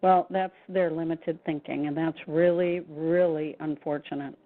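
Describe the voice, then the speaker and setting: A woman with a lowish voice hosts a radio talk show over a thin, phone-like line. She listens supportively and answers her guest's stories with exclamations. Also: steady tone, normal speed. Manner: warm, supportive listener who reacts with exclamations. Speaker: host.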